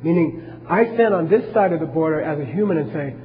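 A man's voice: a little high, lively intonation, a little fast, in a large hall, phone-quality sound, slight background noise. A man teaching a class on Buddhism, talking casually and asking his listeners questions as he goes.

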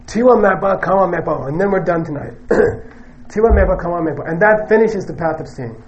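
A man with a high, animated voice delivers a Buddhist teaching to a live crowd at a brisk clip, joking around and dropping emphatic asides. He regularly stops to check in with "okay?" and "you know," and the recording is muffled.

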